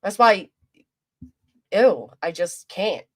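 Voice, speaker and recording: A woman ranting through livestream commentary into a desk microphone, crude and openly vulgar. She mocks her target in a loose, rambling way, tripping over restarts as she goes. Her voice sits at a middle pitch. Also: lively intonation, moderate pace, a bit bright. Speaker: commentary streamer.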